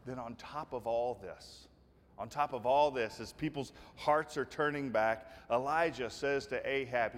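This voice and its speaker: A man's voice: mid-range voice, measured pace, big-room sound. A man preaching a sermon, retelling a scripture story in casual, folksy words with many restarts.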